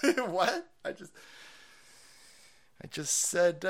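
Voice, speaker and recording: A foul-mouthed male streamer rants in sarcastic commentary over news clips, his pitch swinging widely from low mutters to high mocking peaks. He laughs often between jabs. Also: huge pitch swings, slow pace, long pauses.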